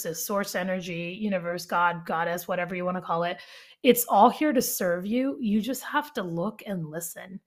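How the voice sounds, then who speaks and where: A young adult woman, a life coach, talks casually on her solo podcast in a mid-range voice. She is chatty and animated, full of fillers and acted-out quotes.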